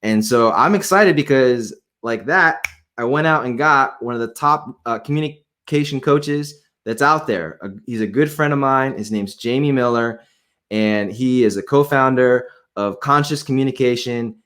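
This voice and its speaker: A man hosting an interview show, talking in an excited, enthusiastic way. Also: medium pitch, moderate pace. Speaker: podcast host.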